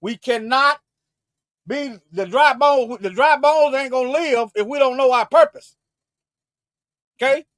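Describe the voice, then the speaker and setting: A man with a very high, bright, forceful voice preaches to his livestream viewers in a dry, close sound. He talks fervently, with sudden loud bursts, low muttered asides, and frequent repeated words and restarts. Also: a little slow, long pauses, no echo. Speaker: self-styled Bible teacher on a livestream.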